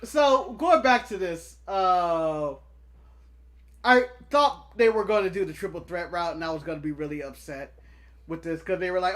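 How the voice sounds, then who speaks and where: A man co-hosting a casual wrestling podcast chat, laughing often and slipping into quick impressions. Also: high voice, expressive, a bit bright. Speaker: podcast co-host.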